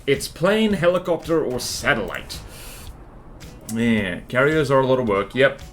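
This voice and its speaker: A man's voice: medium pitch, big pitch swings, unhurried, soft background music. A young man chatting casually on a game livestream, rambling and joking as he greets viewers by name. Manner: rambling, self-mocking, greets chat by name. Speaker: streamer. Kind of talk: casual gaming livestream chat.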